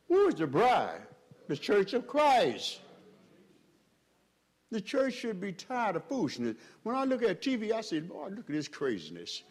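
Male pastor, fiery sermon delivery, swings between loud peaks and quiet stretches, slightly higher voice. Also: wildly swooping pitch, measured pace, long pauses. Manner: preaching with swells in pitch and volume, calls to the congregation.

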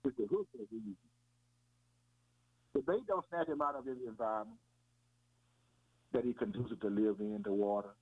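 A man's voice: on the low side, moderate pace, pauses often, breathy edge. Folksy preacher man on tinny radio. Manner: folksy, peppers talk with "man" and "boy", repeats himself. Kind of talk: informal sermon. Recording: tinny phone-like radio audio.

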